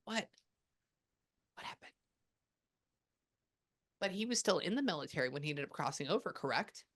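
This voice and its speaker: A woman with a fairly low voice gives a spirit reading in a loose, chatty way. She rambles, quotes the spirits back, and piles on fillers as she goes. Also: big pitch swings, rapid-fire, a bit bright. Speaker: psychic medium. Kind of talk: casual spirit reading session.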